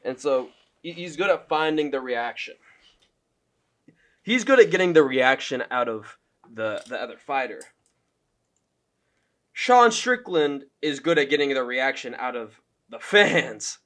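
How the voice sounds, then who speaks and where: A man's voice: mid-range voice, lively intonation, unhurried, pauses often, fairly bright tone. A young man giving loose, profane opinion commentary as a fan, full of fillers and laughs.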